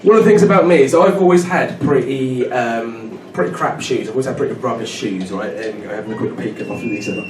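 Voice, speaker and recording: A man's voice: medium pitch, quick pace, hardly any pauses. A man in his thirties doing a stand-up comedy set at a pub comedy night, chatty and always checking in with the crowd. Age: 30s. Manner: chatty, keeps checking in with "right?". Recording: echoey room from far off, loud noise.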